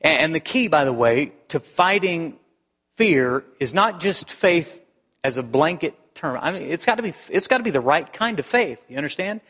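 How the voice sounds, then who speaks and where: A man's voice: on the high side, expressive, moderate pace, fairly bright tone. Preaching man in a reverberant church hall. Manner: conversational, repeats words, rhetorical questions. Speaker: pastor. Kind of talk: sermon.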